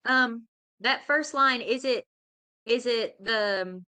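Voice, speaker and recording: A woman's voice: a little high, slow pace, bright, forceful tone, smooth. A woman student asking tentative questions about poetic meter, hesitating as she goes.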